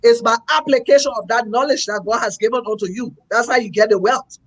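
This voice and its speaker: A man's voice: very high voice, quick pace, a bit bright, rough recording. A man, a pastor co-hosting a talk show, speaking earnestly in a preachy, repetitive way. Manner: earnest, preachy, repeats himself. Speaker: pastor and co-host. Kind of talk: opinionated talk-show commentary.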